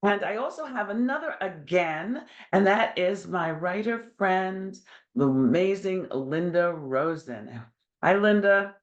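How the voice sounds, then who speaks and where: A woman's voice: medium pitch, lively intonation, slow pace, muffled recording. A woman with a New York accent hosting a podcast, chatty and enthusiastic, laughing often. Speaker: podcast host. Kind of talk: casual interview chat.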